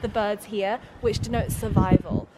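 A woman's voice: medium pitch, steady tone, normal speed, heavy background noise. A woman vlogging outdoors in the snow, chatting playfully and presenting her work with mock grandeur. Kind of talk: casual outdoor chat.

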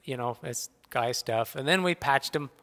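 Middle-aged man, church speaker, animated folksy anecdotes; clear bright voice, long hall reverb. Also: mid-range voice, normal speed. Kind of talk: personal storytelling talk. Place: church sanctuary.

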